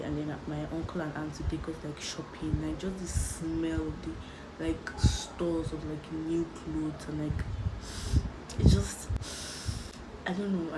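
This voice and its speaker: A young woman vlogger from Nigeria, chatting casually and rambling as she talks to the camera. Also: low-pitched. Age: young adult. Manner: chatty, rambling, laid-back. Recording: noticeable background noise.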